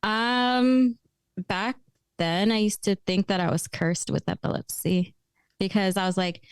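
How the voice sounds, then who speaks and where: A young woman chats as a podcast guest, telling her stories in a lively way and laughing often. Her voice sits in a middle register and is recorded close and dry, with no room sound. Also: mid-range voice, normal speed, smooth, no room sound. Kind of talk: casual chat.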